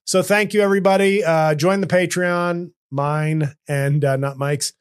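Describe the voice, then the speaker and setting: A man's voice: fairly high pitch, steady tone, measured pace, clean tone. A man hosting a comedy podcast, talking casually in rambling, self-interrupting runs with joking asides. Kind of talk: casual chat.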